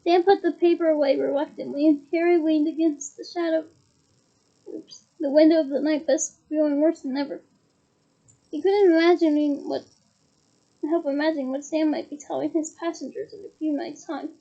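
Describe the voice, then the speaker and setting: A woman with a very high, bright voice reads a storybook aloud in a relaxed, casual way. She sometimes trips over a word and fixes it on the fly. The recording sounds muffled and lo-fi. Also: moderate pace. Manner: casual reading with slips and self-corrections. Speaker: reader.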